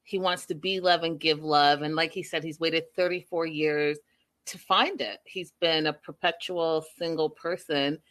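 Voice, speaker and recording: A woman's voice: lowish voice, a bit bright. A woman hosting a casual, gossipy recap show, chatty and a little petty as she talks to her viewers. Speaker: reality show recap host. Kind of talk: casual chat.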